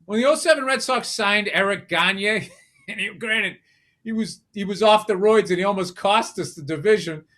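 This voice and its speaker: A man's voice: high voice, a bit bright. A man co-hosting a podcast, teasing his friend with profane, needling banter. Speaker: podcast co-host. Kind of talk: casual comedic chat.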